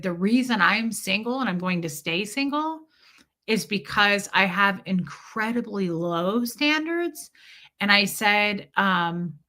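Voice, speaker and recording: A woman's voice: medium pitch, bright, forceful tone. A woman vlogger casually retelling a personal conversation to her viewers, candid and rambling.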